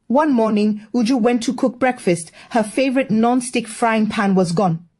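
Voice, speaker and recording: A woman's voice: a little high, normal speed, a little mellow. A woman telling a scripted story in a wry, gossipy manner.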